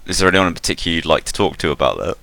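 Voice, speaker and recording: A man narrating a tabletop role-playing game as game master in a relaxed, halting way. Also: low-pitched, creaky, a little hiss or hum.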